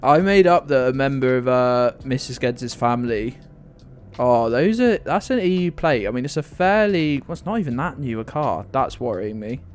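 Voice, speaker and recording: Male game streamer, animated, rambling, sweary, self-mocking. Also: medium pitch, moderate pace, clear, resonant tone. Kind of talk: live-stream commentary.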